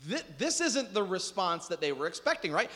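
A male pastor preaching to his congregation with a high, lively voice that leaps up and down as he acts out the lines. He jokes between points, and his words ring out with a long echo through the church hall. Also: brisk. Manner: animated, joking asides, acts out quotes. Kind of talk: sermon. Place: church sanctuary. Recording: reverberant hall.

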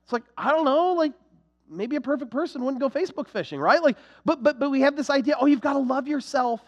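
A young adult man preaching a sermon to his congregation, animated and sarcastic, with quick restarts. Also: very high voice, in a large hall, dull audio. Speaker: pastor.

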